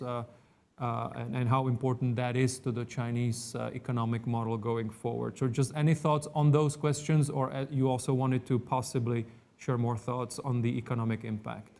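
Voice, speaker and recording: A man moderates a conference panel in a flat, even tone, politely putting follow-up questions to a guest. He hesitates often, filling his pauses with short sounds as he works toward each question. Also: medium pitch.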